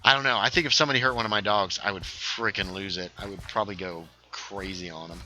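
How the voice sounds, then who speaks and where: A man hosting a casual gaming livestream, chatting while he plays, reading viewer comments aloud and sometimes dropping into hushed asides. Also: lowish voice, fast talker, noisy background. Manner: lively, reads chat aloud, drops into hushed asides.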